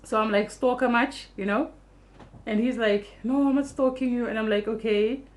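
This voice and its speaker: A young woman vlogging casually, telling a story fast and animatedly with free swearing. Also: a little high, fairly even intonation.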